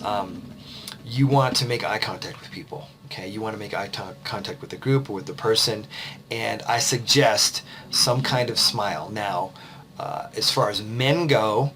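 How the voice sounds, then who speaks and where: A man's voice: on the low side, pushed and bright, slight background noise. A man, a confidence coach, giving casual, rambling advice to the camera while a bit tired. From United States. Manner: conversational, loose, with fillers and restarts.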